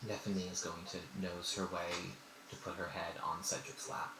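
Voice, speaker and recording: A man's voice: low-pitched, little pitch movement, moderate pace, echoey room, crowd noise, low-quality recording. A man narrating and ruling as game master, chatty and hesitant with fillers. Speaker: dungeon master. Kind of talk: running a tabletop game online.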